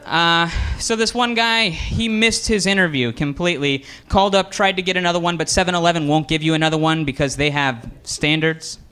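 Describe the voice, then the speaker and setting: High-voiced man telling a stand-up story. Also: fairly even intonation, bright, forceful tone, clean tone. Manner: halting, restarts with filler "uh". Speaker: stand-up comedian. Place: comedy stage with live audience.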